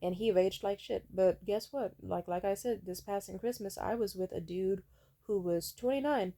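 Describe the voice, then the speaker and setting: A young woman with a warm, mid-range voice and moderate pace rants casually about her dating life as a storyteller vlogger. She's blunt and profane, sarcastically mocking people in put-on voices.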